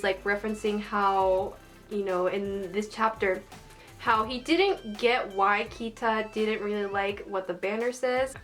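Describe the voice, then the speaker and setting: A woman talks in a casual, gushing way, often emotional and full of fillers. Her voice sits a little high. Soft music plays faintly behind her. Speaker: manga fan reviewer. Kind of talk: casual fan chat.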